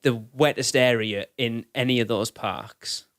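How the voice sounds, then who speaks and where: A man's voice: mid-range voice, fairly even intonation, a little slow, a bit bright, clean tone, no echo. Rambling male podcast co-host, dry sound. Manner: rambling, corrects himself mid-thought. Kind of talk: casual chat.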